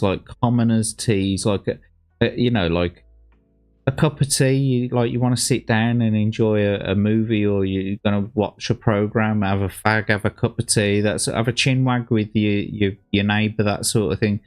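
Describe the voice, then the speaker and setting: A man's voice: lowish voice, steady tone, normal speed, a little mellow, soft background music. A man casually commenting on a livestream, rambling and sweary with plenty of slang. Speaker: streamer reacting to old adverts.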